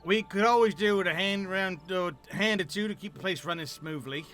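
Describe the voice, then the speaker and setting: A man voicing a gruff, brusque male ranch wrangler in a put-on rustic accent, reading game dialogue aloud. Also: sits high, a little fast, pushed and bright, soft background music, pitched above the performer's own voice. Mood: hearty.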